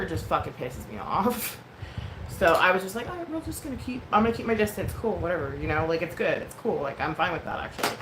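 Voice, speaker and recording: A woman in her thirties telling a story in a casual rant, frank and profane, with lots of fillers. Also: lowish voice. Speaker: vlogger. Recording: echoey room with clear background noise.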